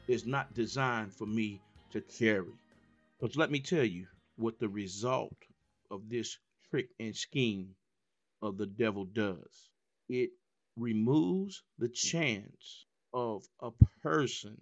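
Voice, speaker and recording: A man preaching a sermon, moving from low asides to high, emphatic calls and repeated refrains. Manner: repetitive call-and-response preaching.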